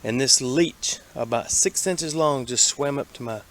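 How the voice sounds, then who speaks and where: A man giving folksy, excitable commentary to a handheld camera as he metal detects in a creek, a bit out of breath. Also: mid-range voice, measured pace, poor audio. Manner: excitable, folksy, talks to camera while working. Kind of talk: casual running commentary while detecting. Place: outdoors in a creek. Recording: outdoor camera audio with clear background noise.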